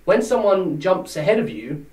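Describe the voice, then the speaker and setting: A man's voice: high-pitched, big pitch swings, moderate pace, darkish tone. A man co-hosting a casual wrestling chat show, explaining his points earnestly and at length. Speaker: podcast co-host. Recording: roomy live stream mic from a distance.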